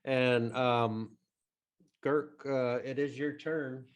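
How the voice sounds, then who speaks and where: A man with an Irish accent, narrating a tabletop game as game master in a halting way with many fillers. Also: mid-range voice, steady tone.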